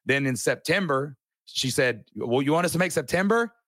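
A middle-aged man telling a personal story in a casual chat, animated and earnest, with a folksy way of talking. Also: fairly high pitch, normal speed, dry recording, clean studio sound. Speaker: podcast guest.

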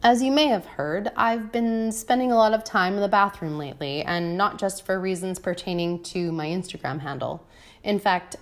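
Wry, frank woman reading her essay. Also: mid-range voice. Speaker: mother of a toddler. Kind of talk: reading a personal essay aloud.

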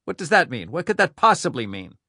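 A man's voice: on the high side, big pitch swings, a little fast, pushed and bright, slightly rough, no echo, studio quality, voice pushed up, full character voice. A man voicing a commanding, impatient middle-aged male detective who barks demands and swears. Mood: demanding. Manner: barking, demanding, profane.

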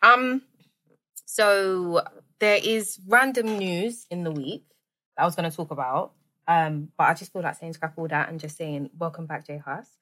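A woman's voice: on the low side, unhurried, sharp tone. A woman hosting a podcast, chatting casually and animatedly with slang. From United Kingdom. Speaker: podcast host. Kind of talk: casual chat.

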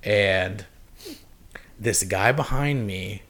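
Young man, low voice, casual podcast chat, rambling, profane. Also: very slow, fairly bright tone. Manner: rambling storyteller, swears freely.

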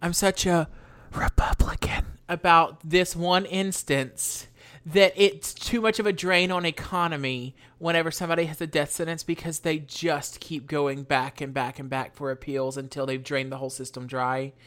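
A woman's voice: sits low, steady tone, moderate pace, fairly bright tone. A woman co-hosting a podcast in casual chat, chatty and wry with self-mocking jokes. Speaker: podcast co-host.

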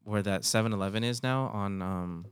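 A man hosting a podcast, telling a childhood story in quick, slangy casual chat and swearing freely. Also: fairly low pitch, clean tone. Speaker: podcast host.

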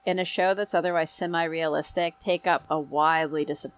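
A woman's voice: low voice, steady tone, normal speed. A woman co-hosting a casual chat, talkative and laughing easily. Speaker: podcast co-host.

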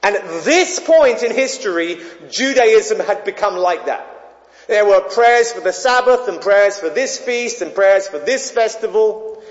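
Man, pastor, conversational sermon, high voice, long church reverb, dull muffled sound. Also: expressive, measured pace. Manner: conversational, digressive preaching. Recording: echoey hall, dull sound.

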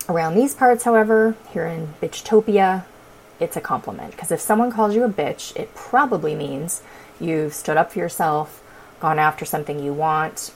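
A woman's voice: sits low, creaky, slight background noise, rough recording. A woman hosting her own astrology podcast, chatting casually in a sassy, profane way. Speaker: podcast host. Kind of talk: casual chat.

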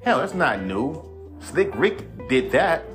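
A man's voice: a little high, very animated, slow pace, fairly bright tone, soft background music. A man hosting his own podcast, a rapper ranting in a laid-back, rambling, profane way. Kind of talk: casual monologue.

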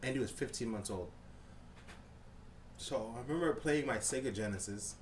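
A man casually telling a long story on a podcast, profane and animated, acting out scenes and sounds. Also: medium pitch, moderate pace, a little hiss or hum. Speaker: podcast co-host.

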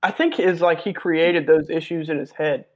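A man's voice: fairly high pitch, normal speed. A man on a podcast, chatting casually and telling loose, laughing stories with some swearing. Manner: laughing storyteller, loose and profane. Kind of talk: casual chat.

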